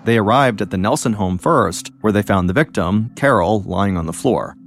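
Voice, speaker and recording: Man narrating true crime, low voice. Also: expressive, a little hiss or hum. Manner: measured, suspenseful storytelling. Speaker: podcast host.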